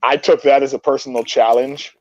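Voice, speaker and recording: A man telling a rowdy story to his friends on a podcast. He talks in a boisterous, profane way and gets loud when he quotes himself. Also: medium pitch, steady tone, brisk, no echo, dull audio. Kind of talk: casual storytelling among friends.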